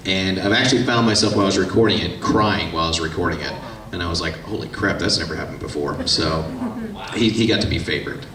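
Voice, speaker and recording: Fielding questions from the audience at a convention panel, this male voice actor spins casual, irreverent anecdotes full of jokes. His pitch is fairly low and a bit bright, with a little hiss or hum on the audio. It's captured at a distance in an echoing hall, crowd noise around him.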